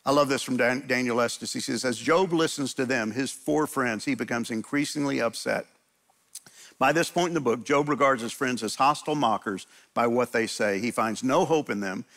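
A man's voice: mid-range voice, normal speed, fairly bright tone. A man preaching a sermon to a men's group in a church, earnest, often repeating words and acting out prayers aloud. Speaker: pastor.

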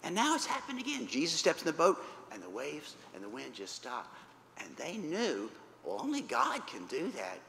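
Lively man teaching kids in echoey hall. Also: on the high side, moderate pace. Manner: animated storytelling, checks in with "right?" and "okay?"; repeats key points simply. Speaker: children's Bible teacher. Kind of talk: Bible lesson for kids. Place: church hall. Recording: roomy reverberant hall, faint background noise.

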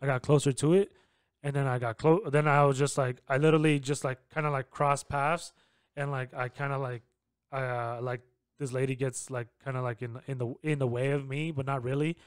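A man's voice: medium pitch, fairly even intonation, a little fast, clean tone. Laid-back, profane man in podcast chat.

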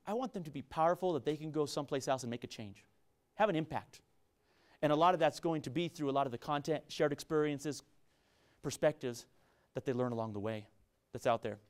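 A brisk, slightly high voice belongs to a middle-aged university business professor speaking with a San Luis Valley Colorado accent. In an earnest public lecture to students, he repeats himself and restarts phrases often.

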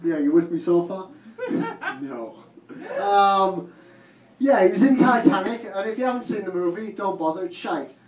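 High lively Teesside man doing stand-up. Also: moderate pace, crowd noise. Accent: Teesside English. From north of England. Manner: profane, rambling, laughs at own jokes. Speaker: stand-up comedian. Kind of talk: stand-up comedy set. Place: comedy club stage. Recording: roomy distant live club recording, noisy.

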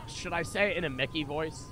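A young man livestreaming a game, chatting casually with viewers and swearing freely as he plays. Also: fairly high pitch. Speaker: streamer. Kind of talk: live gameplay commentary. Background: game music.

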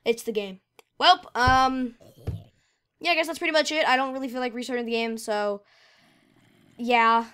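A woman's voice: fairly high pitch, normal speed, pauses often, bright, forceful tone, clear, resonant tone. A woman casually commenting while she plays a video game, rambling and getting frustrated with lag. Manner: rambling, easily frustrated, talks to herself. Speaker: gamer.

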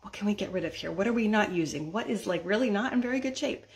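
A woman's voice: medium pitch, animated, fast talker. A middle-aged woman vlogging in a casual chat, often checking in with her viewers and laughing between lines. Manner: chatty, keeps checking in with "right?" and "okay?". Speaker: decluttering vlogger.

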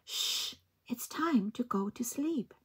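Tired little zebra going shh in a soft whisper, bedtime storybook, lady reading. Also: a little high, animated, takes it slowly, breathy edge, pitched above the performer's own voice, exaggerated voice. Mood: shushing. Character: very tired zoo zebra, gently shushing.

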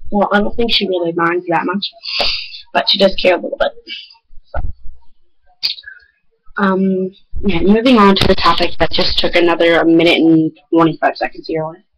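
A teenage girl chatting casually to her vlog viewers, rambling excitedly through a story with big jumps in pitch. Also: moderate pace, pauses often, rough recording. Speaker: vlogger.

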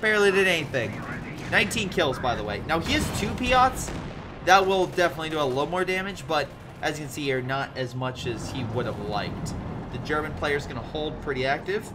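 A man giving chatty, animated play-by-play commentary on a strategy game replay, with lively asides to his viewers. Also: on the high side, a little fast, noisy background. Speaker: video game replay caster.

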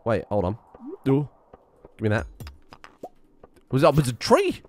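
A young man talks through his game in a loose, sarcastic stream of chatter. His pitch swings widely, jumping high when he swears or gets excited. He curses freely and jokes as he plays. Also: unhurried. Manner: sweary, sarcastic, animated outbursts. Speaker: gaming streamer. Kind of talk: casual let's-play commentary.

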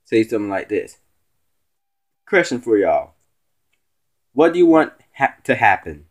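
Here is a man filling in as a vlog host, talking slowly and unhurriedly. His rambling, teasing rant swoops up and down all over his pitch, in a plain middle register. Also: expressive, darkish tone. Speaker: stand-in show host.

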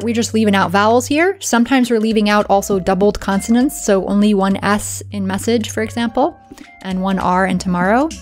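Patient and clear, a woman with a medium-pitched, slightly mellow voice hosts an educational video, frequently checking in with her viewer as she explains.

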